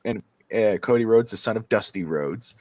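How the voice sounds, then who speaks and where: Excited man telling a wrestling story. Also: lowish voice, normal speed, dry recording. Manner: excited storyteller, many fillers. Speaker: sports talk show co-host. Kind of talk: casual sports chat on a live stream.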